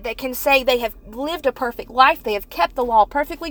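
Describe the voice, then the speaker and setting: A woman's voice: high-pitched, a little fast, few pauses, pushed and bright. A woman giving an earnest devotional talk to viewers, often repeating and restarting phrases as she builds to fervent emphasis. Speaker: Christian speaker.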